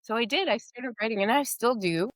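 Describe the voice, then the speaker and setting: A woman's voice: on the high side, fairly quick, no room sound. A woman in her forties, a podcast guest, telling her story in a candid, rambling way. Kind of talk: casual interview talk.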